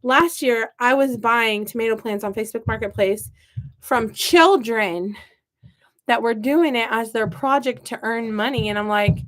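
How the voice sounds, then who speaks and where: A woman's voice: a little high, measured pace. A young woman from the American Midwest with a Midwestern accent, chatting and rambling as she repots seedlings for her gardening vlog. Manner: chatty, rambling, self-mocking. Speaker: gardening vlogger. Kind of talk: casual chat while working.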